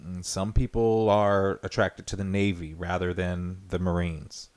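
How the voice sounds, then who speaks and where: Male podcast host, lowish voice, earnest and rambling, reflective solo talk. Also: little pitch movement, unhurried, a little mellow. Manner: earnest, rambling, with many "like" fillers and restarts.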